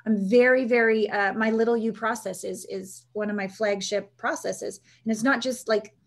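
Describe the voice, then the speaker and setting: With a slightly high voice and a moderate pace, a woman who coaches intimacy tells animated stories during a conversational interview. She acts out the quoted lines of the people in them.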